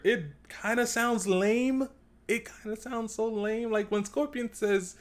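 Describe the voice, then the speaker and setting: A man giving a casual, slangy commentary as he breaks down a movie trailer. He repeats himself, restarts phrases and climbs higher in pitch when he gets worked up. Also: big pitch swings, a little slow.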